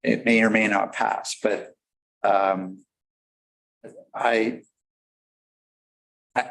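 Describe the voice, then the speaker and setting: A man councillor in a council chamber, speaking in a hesitant, measured way with frequent restarts. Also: medium pitch, creaky, low-quality recording. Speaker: city councillor. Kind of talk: council debate.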